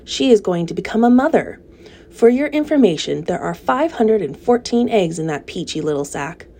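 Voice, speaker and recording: A woman's voice: medium pitch, sing-song, normal speed, dark tone. A woman voicing an earnest, innocent young male pig in a storybook reading. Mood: indignant.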